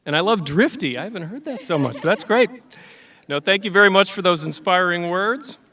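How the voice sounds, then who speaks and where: Ceremony host with a high bright voice, relaxed and joking, on a distant microphone. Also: male voice, fairly quick. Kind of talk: ceremony hosting.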